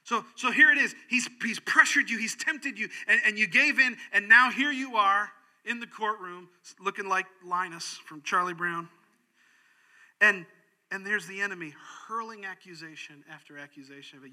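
A male pastor preaching a sermon in an animated way, swinging from loud, emphatic lines down to hushed, quiet ones. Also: sits high, normal speed.

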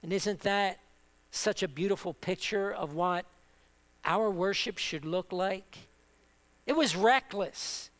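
A man's voice: high-pitched, fairly even intonation, a little slow, fairly bright tone. A man preaching a sermon with passion, building through repeated phrases and rhetorical questions.

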